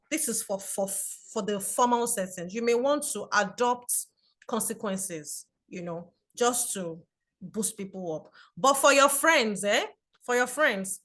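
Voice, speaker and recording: A Nigerian woman in her forties giving an online talk to a community group, chatty and animated, telling stories over a video call. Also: fairly high pitch. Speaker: guest speaker.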